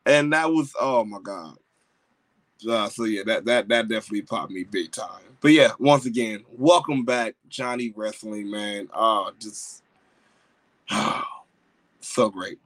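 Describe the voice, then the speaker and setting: A man's voice: on the low side, takes it slowly, no echo, low-quality recording. A married man hosting a wrestling podcast, chatting casually in slang with lots of fillers and restarts. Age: adult, married. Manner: excitable, rambling with slang and many fillers. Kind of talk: casual wrestling review chat.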